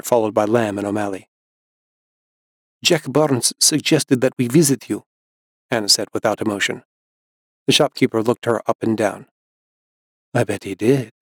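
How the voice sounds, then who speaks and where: Steady man reading an audiobook. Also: lowish voice, gravelly, dry recording. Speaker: audiobook narrator. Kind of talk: scripted narration.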